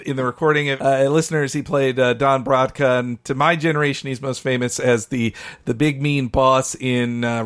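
A man's voice: mid-range voice, fairly bright tone. A male interviewer asking questions hesitantly, with many fillers. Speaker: podcast interviewer.

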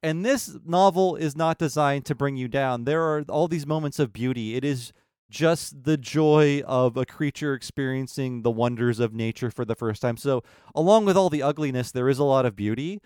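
A man hosting a podcast, telling a story in a lively way and acting out the quotes. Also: medium pitch, normal speed, clear, resonant tone, dry recording, studio quality. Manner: animated storyteller, acts out quotes. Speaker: podcast host. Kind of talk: casual podcast chat.

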